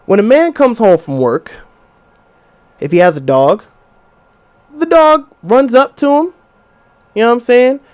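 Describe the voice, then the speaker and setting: A man's voice: extremely high pitch, measured pace, pauses often, clean tone. A young adult man hosting a podcast, talking in a casual, profane monologue and acting out voices as he goes. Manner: profane, animated, acts out quoted voices. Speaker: podcast host.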